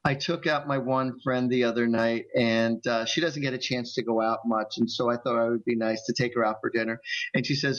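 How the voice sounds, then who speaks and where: A man's voice: mid-range voice, steady tone, brisk, a bit bright, dull audio. A man with a New Jersey accent hosting a talk radio show, telling stories in a chatty way and laughing often. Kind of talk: casual radio chat.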